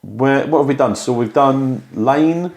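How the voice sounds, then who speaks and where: A man's voice: mid-range voice, unhurried, darkish tone. Man co-hosting, casual chat, jokey, laughs a lot, recorded at home. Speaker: podcast co-host. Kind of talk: casual chat about bad movies. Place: home, dog in the room.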